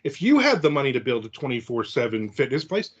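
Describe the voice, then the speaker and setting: A man hosting a podcast in casual chat, telling animated stories and acting out the people he quotes. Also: medium pitch, fast talker, lo-fi sound. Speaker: podcast host.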